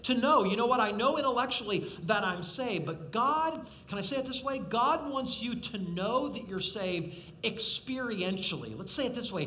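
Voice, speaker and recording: Preaching as a pastor, a man swings between loud, pressing appeals and hushed, quiet questions, acting out the voices he quotes. His voice sits high, and there's slight background noise.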